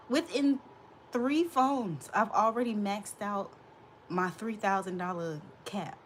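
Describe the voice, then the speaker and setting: A woman's voice: mid-range voice, animated, slow, a little hiss or hum. A woman in her thirties hosting a casual livestream, sassy and laughing, talking back to her chat from a hot room. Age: 30s. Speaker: livestream host.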